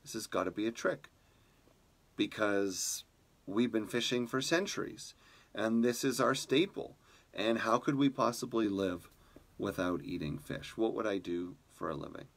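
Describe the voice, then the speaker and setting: Brief: a weary male fisherman from a fable, blunt and defensive, as a man plays him, with a slightly gravelly voice. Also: fairly low pitch, expressive, a little slow. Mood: wary. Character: stubborn, troubled male fisherman.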